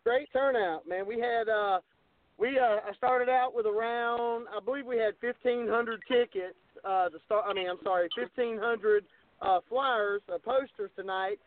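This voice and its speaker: A middle-aged man with a Southern Georgia accent, calling in as a wrestling promoter and talking in a folksy way with many pauses. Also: very high voice, no room sound. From American South. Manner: folksy, many "uh" fillers, says "y'all" and "yes, sir". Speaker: wrestling promoter, phone-in guest. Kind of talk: casual phone interview. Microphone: phone call. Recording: tinny phone line.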